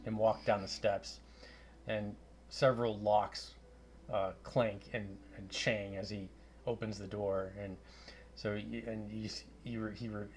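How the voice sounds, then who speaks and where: A man narrating a tabletop game as game master, halting, with many fillers and restarts. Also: fairly low pitch, level tone, a little mellow, slight background noise.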